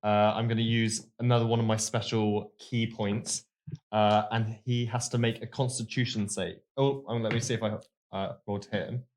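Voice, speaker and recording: A man's voice: on the low side, little pitch movement, moderate pace, a little mellow. A man playing a tabletop game, eager and reading out the rules. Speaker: player. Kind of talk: casual tabletop play.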